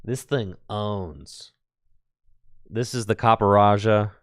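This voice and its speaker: A man's voice: fairly low pitch, slow pace, dry recording, studio quality. A man casually commentating a card game tournament on a live stream, chatty and playful, laughing often and answering the chat.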